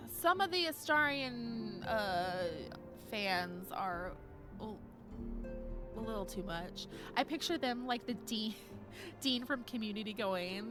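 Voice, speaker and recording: A woman's voice: medium pitch, lively intonation, unhurried. A young woman streaming a video game, chatting casually with her viewers, giggling and gushing about the characters. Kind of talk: casual gameplay chat reading chat. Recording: game music underneath.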